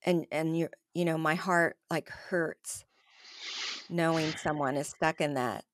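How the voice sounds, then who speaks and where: A woman's voice: sits low, steady tone, unhurried, no echo, clean studio sound. A woman hosting a podcast, talking reflectively and earnestly with her guest, often restarting her sentences. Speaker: podcast host. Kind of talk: conversational podcast interview.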